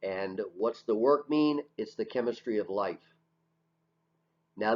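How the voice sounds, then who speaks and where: Man lecturing on muffled lo-fi audio. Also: medium pitch. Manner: conversational, asks and answers his own questions, frequent "right?". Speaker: teacher. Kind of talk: recorded classroom lecture over slides. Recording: dull lo-fi audio.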